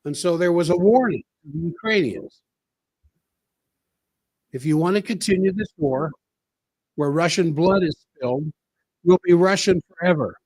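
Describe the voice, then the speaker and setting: A man's voice: fairly high pitch, darkish tone, husky, no room sound, poor audio. A man hosting a solo commentary show, talking in an emphatic way and repeating key phrases for effect. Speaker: political commentary host.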